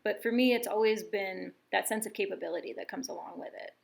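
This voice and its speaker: A woman's voice: medium pitch, quick pace, vocal fry. A woman chatting casually and enthusiastically on a podcast, swearing freely. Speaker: guest van dweller.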